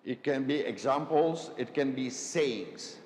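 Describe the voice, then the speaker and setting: A man's voice: expressive, takes it slowly, a little mellow. A man leading a live public speaking workshop, asking the audience questions and often checking in with "right?". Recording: echoey hall with faint rumble.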